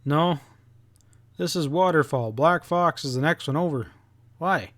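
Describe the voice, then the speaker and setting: A man's voice: a little high, measured pace, a bit bright. A man doing an easygoing farmer dad. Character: calm grown farmer father, plain-spoken.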